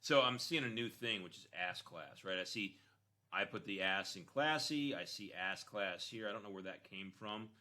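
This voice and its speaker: This consultant's voice is fairly low and forceful, bright and animated at a moderate pace. He goes over an online store in a casual way, leaning on "right?" and "you know" a lot and stressing words punchily.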